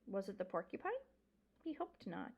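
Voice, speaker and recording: A woman's voice: mid-range voice, sing-song, normal speed, darkish tone, breathy edge, highs cut off. A woman reading a children's novel aloud, expressively, and pointing out the pictures. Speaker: reader.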